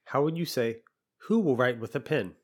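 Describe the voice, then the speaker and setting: A man teaching a language lesson, patiently explaining and repeating example phrases slowly. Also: medium pitch, animated, slightly rough.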